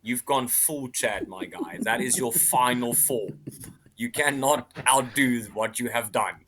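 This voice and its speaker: Comedian ranting, bright sharp voice, keeps repeating himself for the punchline. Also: male voice, mid-range voice, a little slow. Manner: emphatic, repeats phrases, builds up jokes. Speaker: comedian panelist. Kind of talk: comedic riffing.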